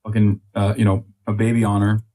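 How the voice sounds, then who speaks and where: A man's voice: fairly low pitch, completely flat delivery, fairly quick, warm tone. Wry joking co-host man. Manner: wry, provocative jokes. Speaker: co-host reacting to video. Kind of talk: casual reaction commentary.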